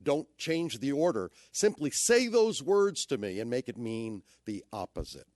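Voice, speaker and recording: A man's voice: mid-range voice, big pitch swings, a little slow, a little mellow, no room sound, clean studio sound. A man giving a talk on audio description who playfully demonstrates inflection with theatrical shifts in emphasis. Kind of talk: lecture with spoken demonstrations.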